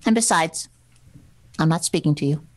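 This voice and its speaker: A woman's voice: sits low, close to an everyday voice. A woman reading the part of a flustered, touchy young husband in an amateur 1940s radio play reading. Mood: huffy. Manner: huffy, excitable, quick to bluster.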